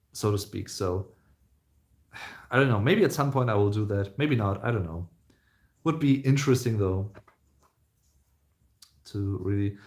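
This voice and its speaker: A young man, chatting casually on a live stream, rambling with lots of fillers and restarts. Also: medium pitch. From Germany. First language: German.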